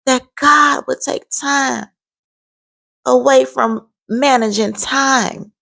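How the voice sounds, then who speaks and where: A woman's voice: sits high, fairly even intonation, takes it slowly, gravelly, sharp tone, dry recording. A woman in her forties sharing an emphatic, heartfelt faith testimony in a vlog. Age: 40s. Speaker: vlogger.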